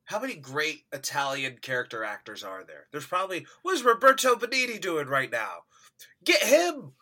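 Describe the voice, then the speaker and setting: Animated, bright-voiced man reviewing a movie. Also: on the high side, a little fast. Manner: animated, laughs often, mimics actors with loud outbursts. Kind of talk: casual movie review chat.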